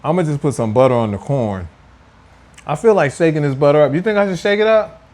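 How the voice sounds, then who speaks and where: Man, casual food vlog, teasing, chatty, slightly high voice. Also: animated, quick pace, darkish tone. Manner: playful, teasing, talks to viewers as y'all. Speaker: food vlogger. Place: indoors at home.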